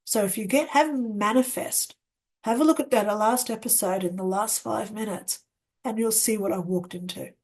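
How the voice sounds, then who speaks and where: A woman telling her near-death experience in a slow, earnest way, acting out the dialogue she remembers. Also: mid-range voice, a little mellow. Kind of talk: personal storytelling. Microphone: webcam setup with ring light.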